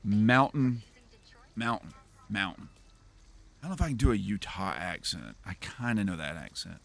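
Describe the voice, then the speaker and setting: A low-voiced man riffing over his gameplay, his pitch bouncing all over as he jokes. He rambles, repeats himself and laughs at his own gags. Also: animated, moderate pace, gravelly, fairly bright tone. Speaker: gaming streamer. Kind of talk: casual gameplay commentary.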